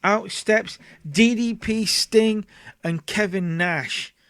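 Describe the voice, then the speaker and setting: Let's-play host, chatty narrator; high voice, dry close recording. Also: male voice, slow, a bit bright, no room sound. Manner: chatty, narrates and acts out scenes. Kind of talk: casual game commentary.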